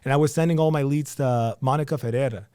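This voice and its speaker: A man's voice: mid-range voice, fast talker, smooth, dry recording, clean studio sound. A young man with a New Jersey accent, a podcast guest telling his story casually, acting out quotes and using lots of fillers. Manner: animated storyteller, acts out quotes, many fillers. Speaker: real estate agent, podcast guest.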